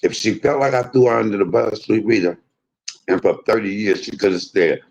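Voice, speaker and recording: Husky man ranting on a livestream. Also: a little fast, highs cut off. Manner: aggrieved, swings between loud outbursts and low muttering; swears freely, talks straight to viewers. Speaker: livestream host. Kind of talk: emotional livestream rant.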